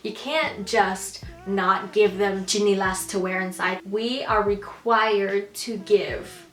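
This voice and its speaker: A young woman in her twenties rants to camera in a sassy, emphatic vlog voice, swearing casually as she makes her points. Her pitch sits in an ordinary middle range, and the sound carries a roomy echo. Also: fairly even intonation, slow. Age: 20s. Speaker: vlogger.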